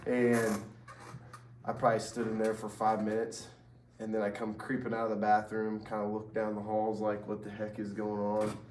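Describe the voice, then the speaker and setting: Low-voiced man telling a spooky story. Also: completely flat delivery, moderate pace, a little mellow. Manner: rambling with fillers and restarts, laughing at himself. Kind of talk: casual storytelling. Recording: roomy, from a distance, faint hiss.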